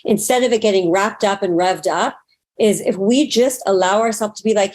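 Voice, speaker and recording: A woman who is a spiritual teacher and healer chats casually as an interview guest, animated, acting out her inner voice and swearing freely. Her voice is mid-range at a normal speed.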